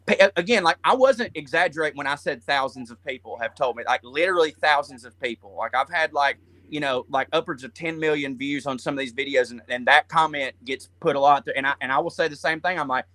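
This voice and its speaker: A Southern-accented man from Georgia talks in a loose, profane comic ramble. His voice sits a bit high and comes across bright and forceful. The sound is dry and close. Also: fast talker, hardly any pauses, dry recording. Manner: profane, rambling, animated storytelling. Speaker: guest comedian. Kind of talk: casual comedic chat.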